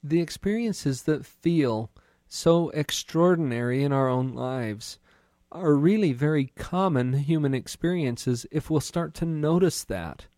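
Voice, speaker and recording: A man with a fairly high voice hosts an interview show and talks in a reflective, unhurried way. He often turns to address the listeners directly. His voice sounds close and dry, with no room echo. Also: lively intonation, mellow. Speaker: podcast host, doctor. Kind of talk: casual interview talk.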